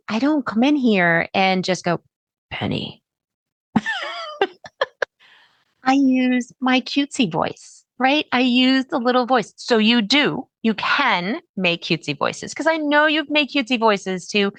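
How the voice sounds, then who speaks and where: A woman hosting a solo podcast, talking in a chatty, animated way with sudden jumps in pitch. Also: no room sound. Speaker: podcast host.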